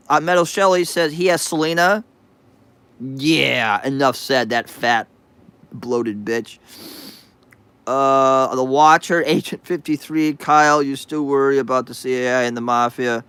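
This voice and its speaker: A man's voice: on the high side, unhurried, pushed and bright, clear, resonant tone, dry recording. A man hosting a livestream, reading chat aloud with crude sarcasm and frequent hesitations. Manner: sarcastic, profane, hesitant with many uhs.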